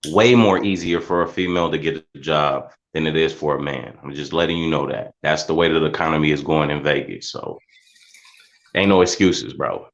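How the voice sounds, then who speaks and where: A man's voice: a bass voice, fairly quick, vocal fry, muffled recording. A man co-hosting a talk show, speaking in casual, emphatic commentary. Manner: laid-back, agreeing, emphatic.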